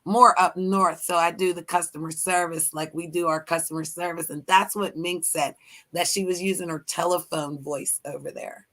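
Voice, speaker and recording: A woman's voice: fairly low pitch, fairly even intonation, a bit bright. Rambling American woman from Pennsylvania. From Pennsylvania, United States. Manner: rambling, halting, quick to laugh. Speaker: streamer and guest. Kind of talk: casual chat.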